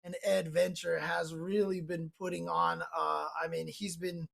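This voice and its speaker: A man's voice: fairly high pitch, level tone, measured pace, gravelly, fairly bright tone. A man commentating a fighting-game tournament, breaking down plays and cracking jokes as he goes. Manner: joking, rambling analysis. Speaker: esports commentator.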